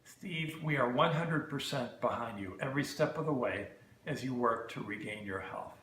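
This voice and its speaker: A man delivering a humorous get-well message with dry, deadpan teasing. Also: mid-range voice, moderate pace. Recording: echoey room with faint noise.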